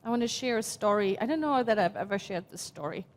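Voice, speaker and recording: A woman in her fifties from Germany, speaking with a German accent as she gives a slow, reflective, heartfelt sermon as minister. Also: medium pitch, animated. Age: 50s. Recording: long hall reverb.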